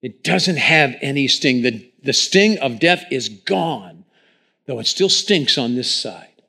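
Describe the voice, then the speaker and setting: A man preaching a sermon in church, talking into a microphone and swinging between hushed lines and loud ones. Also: medium pitch, lively intonation, slow, creaky, husky. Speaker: pastor.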